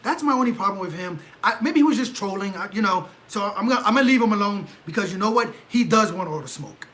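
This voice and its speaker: High-voiced animated man on a livestream. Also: fast talker, poor audio. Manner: animated, rhetorical, keeps asking "right?"; gets loud and excitable. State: leg cramp. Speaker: livestream host. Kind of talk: casual livestream commentary.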